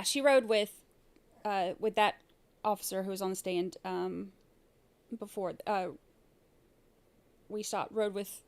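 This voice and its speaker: A woman hosts a casual livestream commenting on a trial, chatting and rambling with plenty of fillers. Her medium-pitched voice is smooth, with vocal fry.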